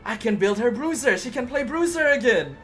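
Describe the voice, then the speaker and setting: A game streamer reviewing patch notes live, chatty and excitable, breaking into loud exclamations. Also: medium pitch, brisk, soft background music.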